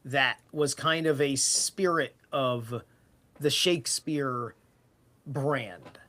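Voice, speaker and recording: A man's voice: mid-range voice, extremely slow, bright, forceful tone. A man in casual podcast chat, rambling and swearing casually as he thinks aloud.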